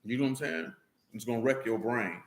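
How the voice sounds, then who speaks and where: A man's voice: on the low side, expressive, a little fast. A man leading a casual religious talk to a group, slangy and joking, with frequent asides. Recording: echoey room.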